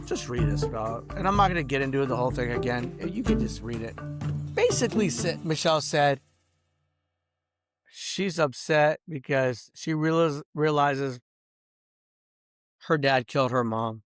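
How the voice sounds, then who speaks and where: A man's voice: mid-range voice, lively intonation, a little slow, pauses often, soft background music. A middle-aged man in an angry, rambling vlog rant, swearing and ending sentences with "bro" and "dog". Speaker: vlogger.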